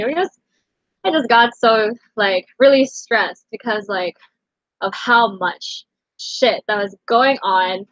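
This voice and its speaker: A woman's voice: fairly high pitch, slow, fairly bright tone, no room sound. Young woman, late teens, rambling storytime chat, lots of fillers, dull lo-fi dry sound. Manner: rambling, filler-heavy, emotional. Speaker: vlogger.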